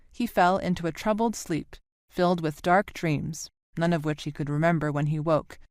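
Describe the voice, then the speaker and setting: A woman narrating a novel in a steady, even reading voice. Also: on the low side, no room sound, clean studio sound. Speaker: audiobook narrator. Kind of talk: audiobook narration.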